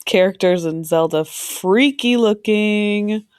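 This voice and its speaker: A woman's voice: mid-range voice, slow pace, a little mellow, clean tone, dry recording, studio quality. A woman co-hosting a podcast, chatting in a playful, joking way. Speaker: podcast co-host. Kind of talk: casual chat.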